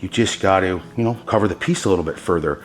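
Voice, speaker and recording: A man hosting a hands-on epoxy tutorial, talking straight to his viewers, excited by his own results and handing out pro tips as he works. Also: low voice, fast talker. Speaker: host demonstrating epoxy countertop techniques.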